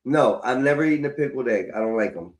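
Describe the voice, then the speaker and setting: A man's voice: mid-range voice, lively intonation, quick pace. A man hosting a call-in stream, chatting bluntly and teasing his callers. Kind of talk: casual chat.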